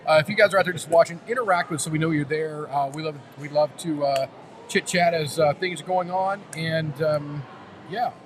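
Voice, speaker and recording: A man's voice: fairly high pitch, brisk, a little hiss or hum. A man hosting a live podcast, rambling and playful, easily sidetracked. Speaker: podcast host. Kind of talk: casual live podcast chat.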